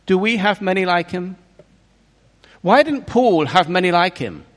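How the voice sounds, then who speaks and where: A man preaches a sermon in a church hall with long reverb behind his voice. He speaks high and swings widely in pitch, earnest and emphatic. He keeps putting rhetorical questions to his listeners. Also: lively intonation, unhurried.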